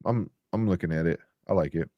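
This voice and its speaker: A man's voice: sits low, a little fast, dry recording, muffled recording. A man co-hosting a live entertainment news show, chatting casually and laughing as he reads out viewer comments. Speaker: podcast co-host. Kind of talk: casual chat.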